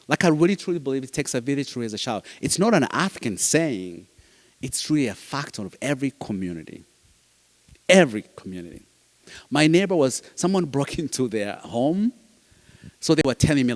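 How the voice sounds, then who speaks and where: A man's voice: mid-range voice, darkish tone. A man, a foster dad giving a heartfelt speech to an audience, earnest, repeating phrases and restarting sentences. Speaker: foster parent speaking at a summit.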